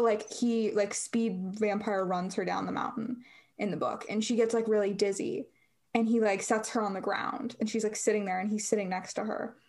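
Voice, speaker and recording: A young woman co-hosting a podcast, retelling a film scene in a rambling, sarcastic casual chat full of fillers. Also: mid-range voice. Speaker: podcast co-host.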